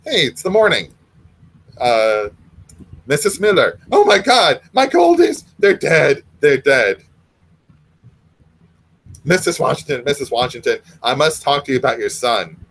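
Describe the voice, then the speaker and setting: A man voicing an upset neighbor woman, shrill and distraught. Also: lively intonation, normal speed, fairly bright tone.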